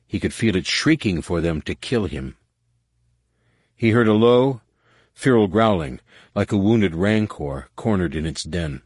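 A man reading a dramatic story as narrator, measured, with slow emphatic pauses. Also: sits low, animated, darkish tone, slightly rough, no echo, clean studio sound. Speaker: audiobook narrator. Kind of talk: scripted narration.

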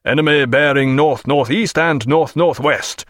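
Guy doing a navy captain yelling orders, high and loud, dry sound. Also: unhurried, no echo. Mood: brisk command. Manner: barking orders. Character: commanding male naval captain in battle.

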